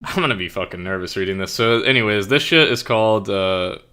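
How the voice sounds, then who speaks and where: A man's voice: fairly low pitch, expressive, a little fast, bright, forceful tone, clear, resonant tone. A young man talking casually to his stream chat, rambling, swearing and hunting for words. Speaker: streamer and writer.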